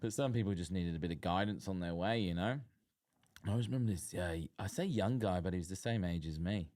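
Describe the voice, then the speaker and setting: A man's voice: deep voice, fast, darkish tone. A man telling rambling anecdotes about old housemates in a casual podcast chat, with fillers and laughs along the way. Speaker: guest.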